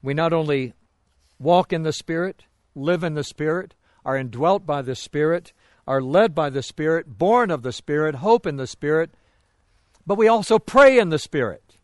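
Man preaching a sermon, kinda high voice, dry sound, gets loud then drops way down, keeps asking the crowd questions. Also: moderate pace, no echo. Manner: emphatic rises and drops in pitch and volume; rhetorical questions to the congregation.

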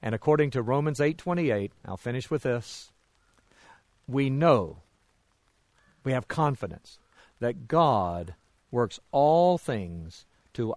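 A man's voice: a little mellow, no echo. Emphatic preacher man, dry close sound. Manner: emphatic rises and drops in pitch and volume; rhetorical questions to the congregation. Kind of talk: sermon.

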